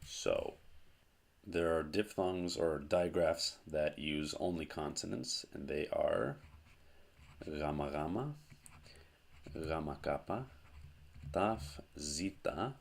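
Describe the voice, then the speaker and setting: A man teaching a language lesson at a board, explaining slowly with pauses and restarts. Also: a bass voice, creaky. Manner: slow, halting explanations with fillers and restarts. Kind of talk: whiteboard lesson.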